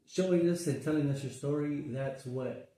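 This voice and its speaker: Mellow-voiced podcast host, echoey room. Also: male voice, fairly high pitch, normal speed. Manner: short encouraging reactions, swearing. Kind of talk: casual chat. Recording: echoey room, distant mic.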